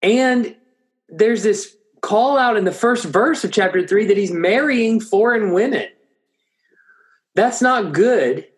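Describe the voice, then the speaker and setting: Man teaching a Bible passage, halting. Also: high-pitched, animated. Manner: thinking aloud, frequent restarts and fillers. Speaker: preacher.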